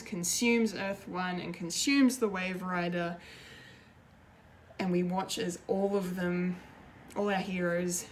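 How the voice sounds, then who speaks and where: Female pop culture reviewer, low-ish voice, chatty and rambling recap delivery. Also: a little hiss or hum. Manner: rambling and excitable, many fillers and restarts.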